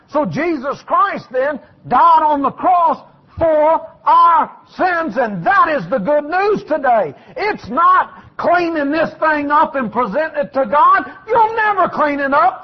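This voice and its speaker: A male preacher giving a folksy, fiery sermon, swinging from shouting to low, quiet asides. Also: expressive, takes it slowly, lo-fi sound. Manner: folksy, shouting at peaks then dropping low.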